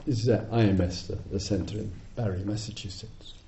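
A middle-aged man giving a dharma talk as a meditation teacher, telling stories in an animated way and chuckling often. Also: on the low side, moderate pace, slight background noise. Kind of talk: dharma talk to retreat audience. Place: retreat hall. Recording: roomy, slightly dull hall recording.

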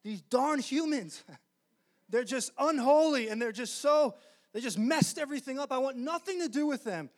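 A man's voice: very high voice, animated, moderate pace, voice pushed up. A man voicing an imagined heavenly father who is grumpy and disgusted with humans, talking in an exasperated, scornful way.

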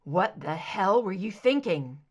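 A woman's voice: medium pitch, lively intonation, a little slow, darkish tone, lo-fi sound. A woman voicing a tense male agent. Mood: angry.

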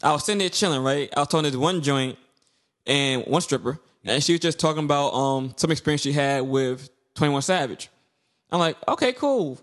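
A young man co-hosts a casual podcast chat, telling stories in an animated, slangy way and acting out quotes. His voice is fairly high-pitched and fairly quick.

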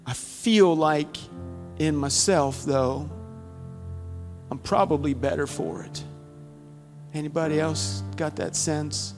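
A man's voice: on the high side, lively intonation, slow, long pauses, music in the background. A man teaching a Bible study, giving a conversational, folksy sermon full of humorous stories. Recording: long church-hall reverb.

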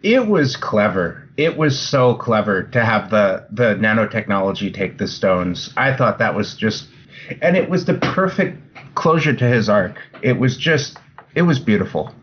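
A man's voice: on the low side, animated, measured pace, fairly bright tone, slight background noise. A young man in casual chat as a podcast co-host, steering the talk with matter-of-fact remarks. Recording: dull lo-fi sound.

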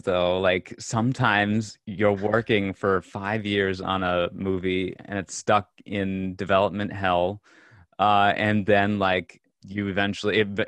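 A man co-hosting a casual podcast about movies, talking in a halting way with many fillers and restarts. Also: sits low, a bit bright, clear, resonant tone, dry recording. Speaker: podcast co-host. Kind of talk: casual film discussion.

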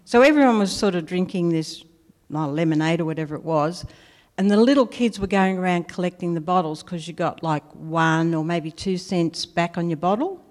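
A woman's voice: fairly low pitch, normal speed, darkish tone. Australian woman, testimony preacher, chatty anecdotal delivery, long hall reverb. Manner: chatty anecdotal storytelling, laughs at herself. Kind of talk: personal testimony sermon.

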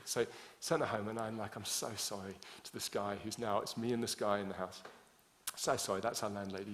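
A man's voice: mid-range voice, a bit bright, slight background noise. A man telling a personal story in the middle of a sermon, talking in a conversational way with many restarts. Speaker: preacher.

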